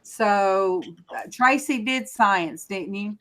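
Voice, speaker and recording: A woman's voice: mid-range voice, takes it slowly, a bit bright. A woman hosting a casual group chat in a folksy, chatty way. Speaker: show host.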